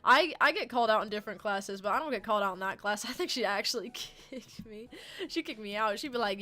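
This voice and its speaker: Bright-voiced woman rambling casually. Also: medium pitch, fast. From United States. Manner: rambling, slangy, laughs through the story. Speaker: streamer. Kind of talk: casual storytime chat while gaming.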